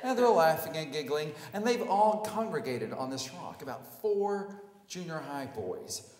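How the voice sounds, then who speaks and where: Man, storyteller, lively swooping delivery, self-mocking, live stage, echoey hall. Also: fairly high pitch, unhurried. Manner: animated, self-mocking, acts out scenes.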